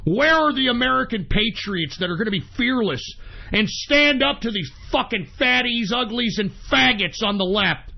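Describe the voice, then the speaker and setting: A man with an unusually high voice hosts a talk radio show in an angry, profane rant. His delivery is heated and combative. The audio is dull and lo-fi, like an old radio archive recording. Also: animated, normal speed, gravelly.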